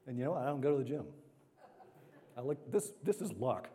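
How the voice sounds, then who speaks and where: A male preacher delivering an energetic, emphatic sermon to a congregation, repeating key phrases for weight. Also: medium pitch, a little fast, long pauses. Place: church sanctuary. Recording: long hall reverb.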